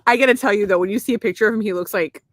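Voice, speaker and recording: A woman from Massachusetts co-hosts a loose comedy podcast, rambling through stories and breaking into laughter often. Her voice sits in an ordinary middle pitch, and the recording is dry and close. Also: rapid-fire, dry recording. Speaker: podcast co-host. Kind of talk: casual comedic chat.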